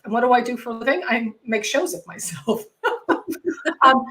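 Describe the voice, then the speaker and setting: A middle-aged woman comedian hosting a casual chat show, talking in a chatty, animated, self-mocking way. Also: a little high, brisk. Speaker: podcast host and comedian.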